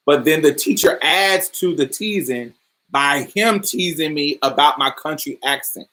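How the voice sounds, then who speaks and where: A podcast host from Indiana tells personal stories in a chatty, casual way, laughing often and calling the listener "baby." His voice is a little high and a bit bright.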